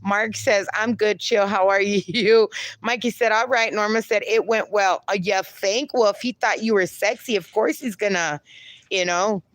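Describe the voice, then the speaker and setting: A mid-range female voice at normal speed, recorded dry, belongs to a casual livestream host. She reads her viewers' comments out loud and pokes fun at them amid frequent laughter.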